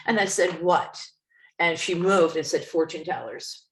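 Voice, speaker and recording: A woman with a New Jersey accent, co-hosting a podcast, telling a story in a lively way, acting out the people in it and laughing often. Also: medium pitch, takes it slowly, reverberant. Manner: animated, acts out quoted people, laughs often. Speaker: podcast co-host, medium. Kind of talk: casual storytelling chat.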